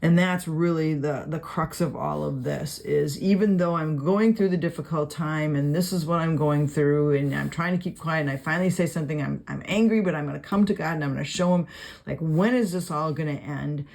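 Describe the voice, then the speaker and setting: A Bible study teacher leads a casual video lesson, reading verses aloud and explaining them conversationally with plenty of filler words as he jots down notes. The voice is mid-range and brisk, a little mellow, with some vocal fry.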